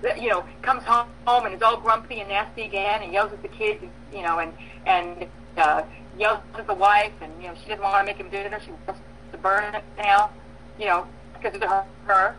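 A woman preaching a sermon, emphatic, with bursts of loud stress and soft pauses, acting out prayers and dialogue. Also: medium pitch, fairly even intonation, slight background noise, poor audio. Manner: acts out prayers and quoted dialogue.

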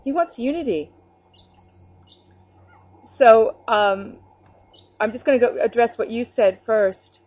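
A woman's voice: on the high side, slow, long pauses, darkish tone, dry recording, dull audio. A woman preaching an informal, earnest sermon to an online group, talking conversationally with restarts and acting out quotes.

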